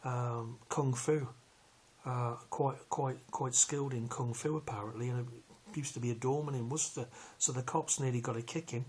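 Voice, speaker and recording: Husky man telling a rambling story. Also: medium pitch, fairly even intonation, darkish tone. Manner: rambling, halting, many fillers. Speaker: vlogger recounting a police arrest. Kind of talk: casual storytelling.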